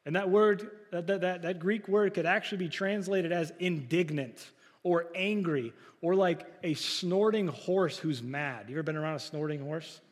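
A man's voice: fairly high pitch, normal speed, in a large hall. A man preaching a sermon, talking to the congregation in a conversational way with rhetorical questions. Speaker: pastor.

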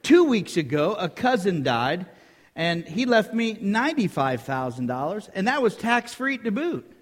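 Preacher doing a mopey guy in a joke, high voice, lots of hall echo. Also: big pitch swings, measured pace, exaggerated voice. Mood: glum. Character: sad grown man who keeps inheriting money. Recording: long hall reverb.

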